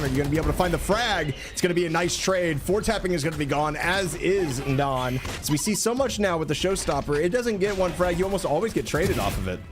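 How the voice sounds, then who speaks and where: A man casting an esports match, explaining plays analytically and getting excited during fights. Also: fairly high pitch, noisy background. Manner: analytical, asks rhetorical questions, rises excitedly during action. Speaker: esports caster. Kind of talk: play-by-play commentary.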